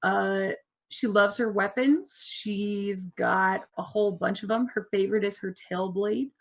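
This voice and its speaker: A woman describes her game character in an easygoing, casual way over a video call. She takes her time and talks at an unhurried pace. Her voice sits at an ordinary middle pitch. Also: fairly even intonation. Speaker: player.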